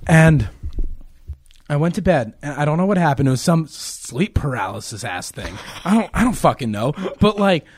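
A man's voice: fairly high pitch, big pitch swings, moderate pace, breathy edge, no echo. A young man in casual chat, sheepishly telling college stories with chuckles and casual swearing. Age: young adult.

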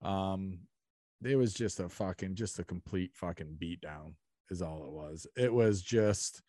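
A man's voice: low voice, a little slow, dark tone, no echo. Laid-back male podcast host, dry sound. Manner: laid-back, laughs often, swears. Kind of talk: casual chat.

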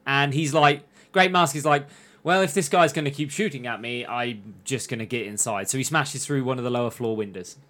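A man's voice: medium pitch, fairly quick, a bit bright. A man casually recapping an anime's plot in long runs, briefly acting out the characters' lines. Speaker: podcast host recapping an anime. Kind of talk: casual chat.

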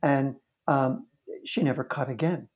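A medium-pitched, darkish male voice moves a little slowly. The speaker, a therapist, tells the story of a case in conversation with earnest vividness, often breaking off and restarting his sentences.

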